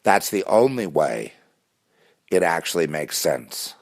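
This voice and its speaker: Low-voiced man, intense rambling monologue, repeats himself and restarts a lot. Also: sing-song, slow. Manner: intense, insistent.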